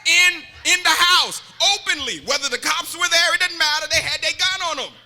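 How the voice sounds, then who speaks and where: A man's voice: very high-pitched, brisk, bright, forceful tone. A man preaching a sermon, joking and repeating himself, calling out to the congregation. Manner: joking, repetitive, calls out to the congregation. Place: church. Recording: reverberant church hall.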